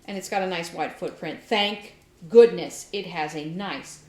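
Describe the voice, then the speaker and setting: A woman with a slightly low voice tells an animated, laugh-filled story in casual conversation. Her voice rings in a roomy space. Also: a little slow. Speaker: podcast co-host. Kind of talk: casual chat. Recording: roomy echo.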